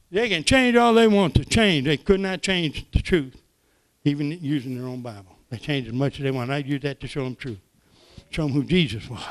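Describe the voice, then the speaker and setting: An older man preaching, telling folksy stories that swing from soft asides to loud exclamations. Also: a little high, lively intonation, fairly quick. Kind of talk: sermon testimony.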